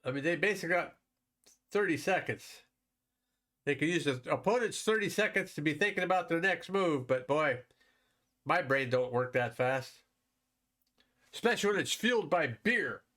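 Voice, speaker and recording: Lively bright-voiced man commenting a game. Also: fairly high pitch, normal speed, long pauses. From Wisconsin. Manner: chatty, greets viewers by name, laughs often. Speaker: stream host commenting on a Go game. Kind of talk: casual live game commentary.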